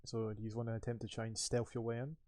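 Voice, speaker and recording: A man's voice: mid-range voice, flat delivery, quick pace, darkish tone. A man narrating as game master in a tabletop game, rambling and full of filler words.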